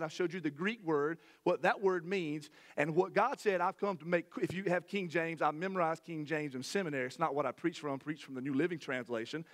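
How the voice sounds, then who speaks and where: A middle-aged man, preaching a sermon to his church in a folksy, animated way with many restarts. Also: high-pitched. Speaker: pastor. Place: church sanctuary.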